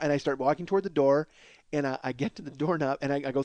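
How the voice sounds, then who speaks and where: A man in his forties hosts a comedy podcast and tells a rambling, profane, self-mocking story full of restarts. His voice sits notably high. The recording is dry and close, with no room sound. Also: racing, darkish tone, no room sound. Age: 40s. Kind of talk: rambling comic monologue.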